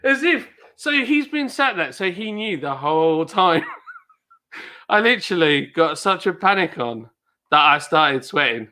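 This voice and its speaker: A man with a British accent chatting excitedly on a live stream, exclaiming and laughing often. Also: fairly high pitch, measured pace. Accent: British English. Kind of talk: casual live stream chat.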